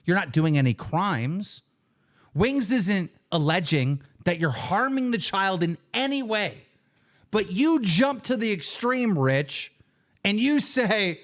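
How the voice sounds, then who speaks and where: A man's voice: high voice, sing-song, normal speed. A man hosting a live stream, reacting to clips in a heated, profane rant and often repeating himself.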